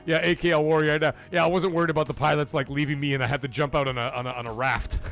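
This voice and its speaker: Profane streamer telling stories. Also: male voice, fairly high pitch, racing. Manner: animated, profane, swings loud and soft for effect. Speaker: host of a live gaming stream. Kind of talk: casual live-stream storytelling.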